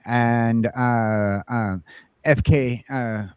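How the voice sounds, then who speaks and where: A man's voice: medium pitch, steady tone, extremely slow, a little mellow, clear, resonant tone, no room sound. A man hosting a podcast, greeting the chat in an easygoing way full of "uh"s. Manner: easygoing, filler-heavy. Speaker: podcast host. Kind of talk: casual chat.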